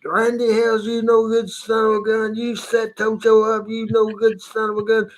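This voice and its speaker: A man voicing an excitable older male wrestler who speaks broken English in short, repeated phrases. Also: high-pitched, takes it slowly, pitched above the performer's own voice, low-quality recording. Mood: indignant.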